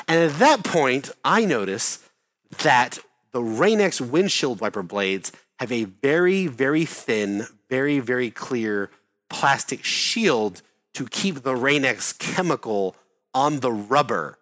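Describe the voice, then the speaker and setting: A man's voice: medium pitch, animated, takes it slowly, a bit bright. A man telling a rambling story in casual chat, full of fillers, restarts and swearing.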